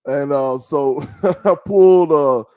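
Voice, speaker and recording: A man's voice: fairly high pitch, takes it slowly, mellow, clean tone, dry recording, soft background music. A middle-aged man from the who hosts a podcast in a casual chatty way, telling stories and mimicking voices. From American South. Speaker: podcast host. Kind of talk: casual chat. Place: small podcast studio.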